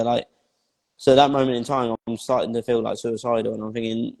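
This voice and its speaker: A man's voice: mid-range voice, steady tone, a little fast, darkish tone. Blunt, swearing man in a reverberant room. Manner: blunt, heavy swearing, emphatic repetition. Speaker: interview guest and life coach. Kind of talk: personal storytelling interview. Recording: long hall reverb.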